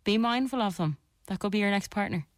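A woman's voice: medium pitch, expressive, quick pace, no echo, clean studio sound. Chatty Irish woman co-host. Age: 30s. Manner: laughing, defensive, chatty. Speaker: radio co-host. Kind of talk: casual radio banter.

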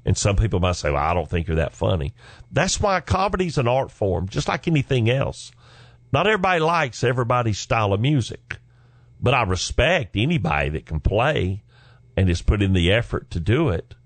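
A middle-aged man with a fairly low voice tells stories in a folksy, joking way. He is recorded close and dry, with no room sound. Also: sing-song, fairly quick, no echo. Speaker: comedian and former pastor. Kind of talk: storytelling talk.

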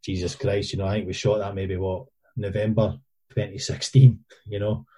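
A man's voice: on the low side, flat delivery, normal speed, warm tone, slightly rough. A Scottish man, an independent filmmaker, telling rambling, self-deprecating stories in casual podcast chat, full of fillers.

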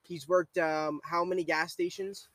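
A man's voice: fairly high pitch, steady tone, a little slow, a bit bright, no echo. A young man hosting a casual podcast. He talks bluntly, swears a lot and stammers through restarts. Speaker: podcast host.

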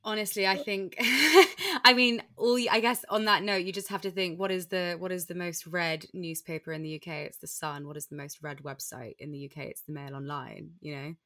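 Deep-voiced woman interviewer. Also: fairly even intonation, normal speed, dry recording, studio quality. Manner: earnest, agreeing with quiet "mm"s. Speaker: interviewer, host. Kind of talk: conversational interview.

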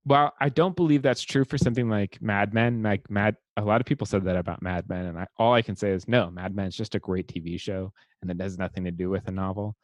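Relaxed low-voiced man chatting. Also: quick pace, hardly any pauses, no echo. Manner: relaxed, many fillers and restarts. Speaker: podcast co-host. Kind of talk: casual chat.

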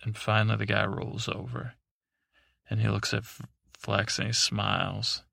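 A man narrating a bedtime story in a slow, meandering, unhurried way. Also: lowish voice, flat delivery, gravelly, pushed and bright, no room sound, studio quality.

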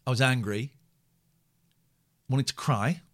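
A man streaming live, reacting to a clip of himself with mocking commentary and hushed asides. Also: mid-range voice, measured pace. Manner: animated and mocking, drops to a hushed inner voice.

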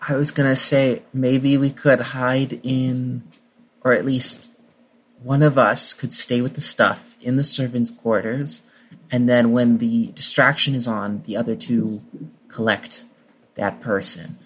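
A man's voice: medium pitch, fairly even intonation, measured pace, husky. A man playing a tabletop role-play game, asking skeptical, practical questions. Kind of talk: casual role-play chat.

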